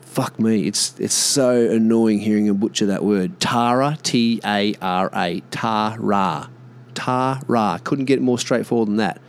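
A man's voice: lowish voice, moderate pace, hardly any pauses, clear, resonant tone. A man ranting casually to camera, exasperated and swearing, spelling words out letter by letter.

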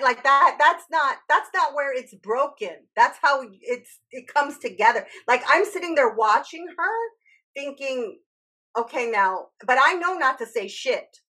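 Woman, candid podcast talk, fairly high voice, animated, acts out quotes. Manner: animated, swears freely, acts out quoted dialogue. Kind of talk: candid conversational storytelling.

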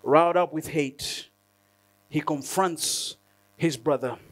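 A man preaching a sermon in an animated way, laughing often and acting out prayers. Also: a little high, slow.

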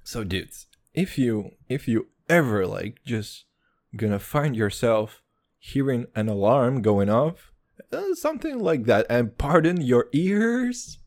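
A young man rambles through a casual solo podcast in crude, swaggering slang. His voice swings widely, dropping into low mutters and jumping into high, excited bursts. He keeps calling the listener "dude.". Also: slow. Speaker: podcast host.

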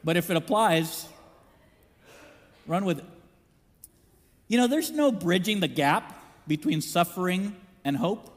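A man preaching a sermon in an animated way, acting out the voices he quotes. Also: high voice, a little slow, long pauses, long reverb tail. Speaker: pastor.

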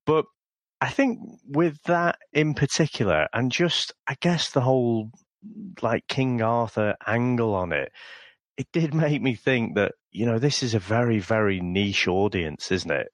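A man from the north west of England, co-hosting a casual film review podcast and talking in an easygoing, measured way with small hesitations. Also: medium pitch, no room sound. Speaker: podcast co-host.

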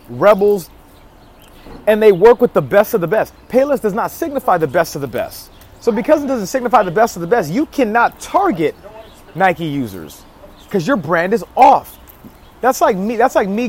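Emphatic man giving marketing advice. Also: high-pitched. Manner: emphatic, repeats key phrases, frequent restarts. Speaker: marketing vlogger. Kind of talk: casual marketing advice talk to camera.

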